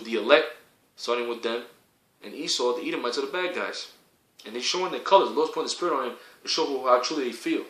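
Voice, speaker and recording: Fiery ranting man, bright echoey voice. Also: mid-range voice. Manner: fiery, profane, repetitive, rising to shouts. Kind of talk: heated preaching rant.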